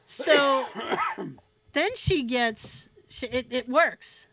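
A woman co-hosting a podcast, telling a story in an animated, profane way and laughing as she goes. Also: high-pitched, drawn-out words, no room sound. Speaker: podcast co-host. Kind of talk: casual storytelling chat.

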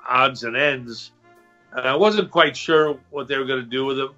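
An older man, a voice actor, telling relaxed interview stories and slipping into accents now and then. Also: medium pitch, moderate pace, lo-fi sound, soft background music. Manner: relaxed storyteller who slips into accents. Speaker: voice actor guest. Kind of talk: interview anecdotes.

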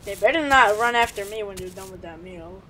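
A woman giving casual gameplay commentary as a gaming channel host, excitable and slangy, shouting and laughing as the action unfolds. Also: mid-range voice, fairly quick, slight background noise. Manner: slangy, calls others bro.

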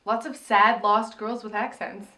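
A woman co-hosting a podcast, chatting casually as she reviews a TV episode and acts out scenes in quick quoted voices. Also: mid-range voice, fairly even intonation, sharp tone. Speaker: podcast co-host.

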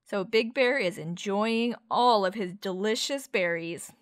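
A woman teacher reading a children's picture book aloud, expressive and gentle, pausing to explain words. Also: mid-range voice, dry recording, studio quality. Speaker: teacher, storyteller. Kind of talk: children's story read-aloud.

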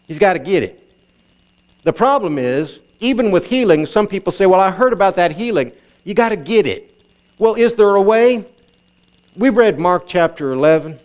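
A male pastor preaching a sermon, telling a long example story and moving from quiet, confiding lines to raised, urgent exhortation. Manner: storytelling preacher, swings from low confiding tones to raised exclamations.

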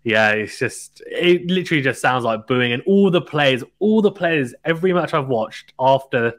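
A man hosting a casual tennis chat with a guest, talking in an animated way and laughing often. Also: mid-range voice, moderate pace. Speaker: tennis podcast host.

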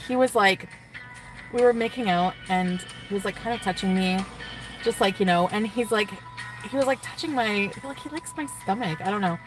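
A woman's voice: mid-range voice, moderate pace, long pauses, far from the mic, low-quality recording. A young woman vlogger chatting to her viewers, giddy and gushing, full of likes and sighs. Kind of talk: casual chat to viewers. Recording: music in the background. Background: music playing.

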